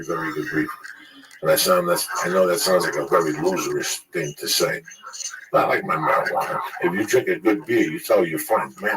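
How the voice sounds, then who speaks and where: A man in his sixties in casual chat, telling rambling, profane stories as a podcast host. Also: low voice. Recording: distant mic with loud background noise.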